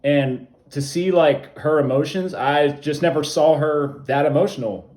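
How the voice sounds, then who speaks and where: A man's voice: a little high, a little slow, a little mellow. A man co-hosting a podcast in casual chat, earnest and openly emotional. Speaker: podcast co-host.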